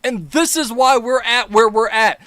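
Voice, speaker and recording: A man's voice: very high-pitched, normal speed, bright, forceful tone, no echo, studio quality. A man hosting his own political commentary video, ranting angrily with heavy profanity and mocking sarcasm. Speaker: commentary channel host.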